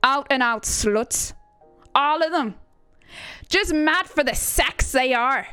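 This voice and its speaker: A woman's voice: sits high, expressive, takes it slowly, sharp tone, dry recording, soft background music, full character voice. A woman voicing a chatty, gossiping Irish local in a put-on Irish accent, delivering a crude, confiding monologue. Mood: scornful.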